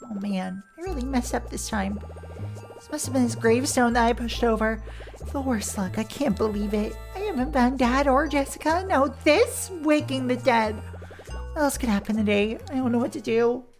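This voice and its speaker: A woman's voice: on the high side, normal speed, a little mellow, faint music behind, natural voice. A woman voicing a blunt, spirited teenage girl. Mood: exasperated. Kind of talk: reading game dialogue aloud.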